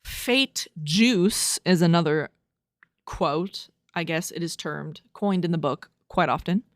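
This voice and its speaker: A young woman hosts a casual solo podcast, her low-side voice moving at a slow pace in clean studio sound free of room echo. Reading review quotes aloud, she can't believe them, laughing, swearing and riffing as she goes.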